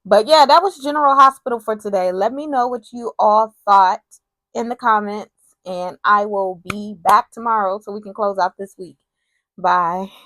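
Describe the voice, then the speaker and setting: A woman's voice: mid-range voice, normal speed, fairly bright tone, no echo. A woman casually recapping a TV soap episode, retelling scenes with quoted lines and personal asides.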